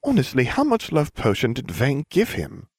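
A man voicing a prim, clever teenage girl witch who talks briskly. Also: medium pitch, wildly swooping pitch, vocal fry, a little mellow, husky, no room sound, studio quality, voice pushed up, full character voice. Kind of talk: fan fiction audiobook reading.

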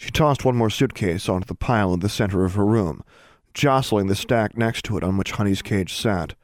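A man narrating an audiobook in a steady, measured reading. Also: lowish voice, dry recording, clean studio sound.

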